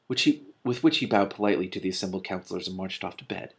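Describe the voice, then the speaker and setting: A man reading a children's novel aloud, breaking off for excited, gushing asides. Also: sits low, fast, creaky, few pauses, breathy edge. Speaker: reader.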